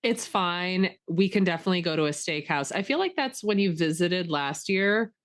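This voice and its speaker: A woman co-hosting a podcast in casual chat, talking in an animated way with plenty of fillers. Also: lowish voice, moderate pace. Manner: chatty, animated, many fillers. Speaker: podcast co-host.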